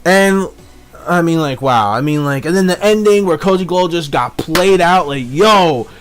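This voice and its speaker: Excitable rambling young man reviewing cartoons. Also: a little high, normal speed. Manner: excitable, rambling, lots of fillers, swears freely. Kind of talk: casual spoken review.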